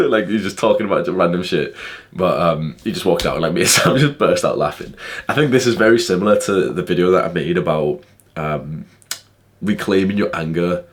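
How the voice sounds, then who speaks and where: A young man tells a personal story in casual vlog style. His voice sits low and he talks at a rapid clip, with profanity and constant "like" fillers driving an animated retelling. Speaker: vlogger.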